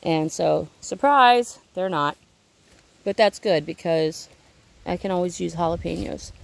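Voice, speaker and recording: A woman's voice: fairly low pitch, measured pace, vocal fry, no room sound. A woman giving a casual, rambling tour of her vegetable garden outdoors, filming it herself and correcting herself as she talks. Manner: chatty, rambling, self-correcting. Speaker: homesteading vlogger. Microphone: handheld camera she films herself.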